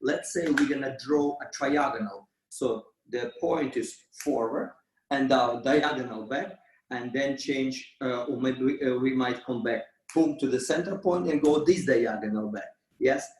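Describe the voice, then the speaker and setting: Slow-talking dance teacher in an echoey studio. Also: male voice, medium pitch, a little mellow, slight background noise. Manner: counts beats with vocal sounds. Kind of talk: dance class instruction. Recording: roomy, from far off.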